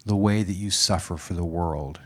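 Delivering his sermon as a dramatic tale at a moderate pace, a low-pitched man swings between hushed whispers and loud exclamations.

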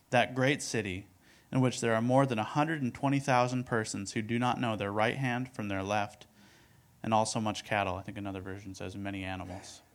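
A man giving a relaxed Bible teaching, reading verses aloud and explaining them in a chatty, conversational way. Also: medium pitch. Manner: conversational, lots of "like" and "right?", reads verses aloud. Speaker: preacher.

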